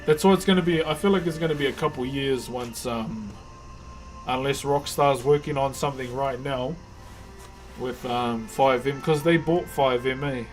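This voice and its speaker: A relaxed man with a New Zealand accent chats loosely with his stream viewers and calls them brother. His voice sits at an ordinary middle pitch. A little music plays softly behind him. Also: moderate pace. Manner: laid-back, calls viewers brother and bro. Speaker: live streamer and carver. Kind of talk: casual live-stream chat with viewers.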